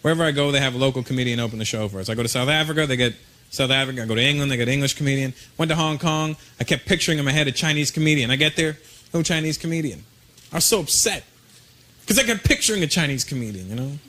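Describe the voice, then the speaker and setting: A male stand-up comedian performing a routine on stage, talking in an animated, conversational way and slipping into mock voices. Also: mid-range voice, very fast. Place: comedy stage before a live audience. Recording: noisy live stage recording.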